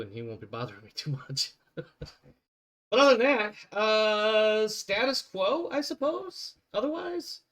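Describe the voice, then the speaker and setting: A man running an online tabletop game as game master, talking over a voice call in a rambling way and often correcting himself. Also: medium pitch.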